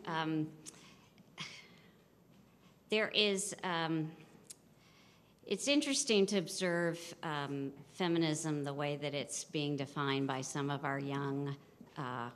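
A woman's voice: low voice, fairly bright tone. A woman from the audience asking a question at a public forum, hesitant and searching for words with many ums.

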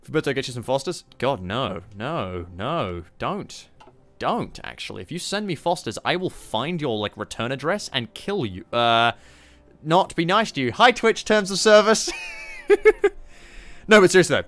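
Australian man, young, game streamer, rambling, swearing, joking, mid-pitched. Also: sing-song, normal speed, a bit bright. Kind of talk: live gameplay commentary. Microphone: streaming microphone.

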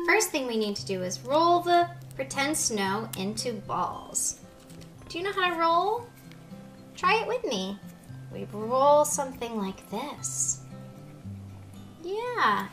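A woman in her thirties hosting a children's educational video, with an animated, slow and clear sing-song delivery for toddlers. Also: high voice. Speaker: preschool teacher host.

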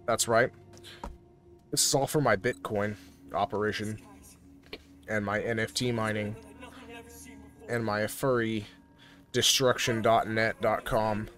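A young man giving goofy, excitable commentary over his own video game playthrough, joking with his viewers. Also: fairly low pitch, slow, long pauses. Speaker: gaming YouTuber. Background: game music and sirens.

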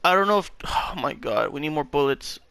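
A man reacting to a story game with loud, profane, emotional outbursts as he plays. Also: a little high, lively intonation, a little fast, vocal fry, smooth. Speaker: gaming channel host. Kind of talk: let's play reaction commentary.

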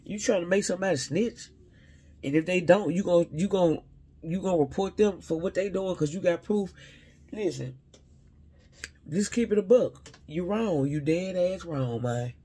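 Husky man rambling through a psychic reading. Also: high voice, moderate pace, mellow. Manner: rambling, talks straight to the audience, often second-guesses his words. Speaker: spiritual advisor giving psychic readings. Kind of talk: casual psychic reading to viewers.

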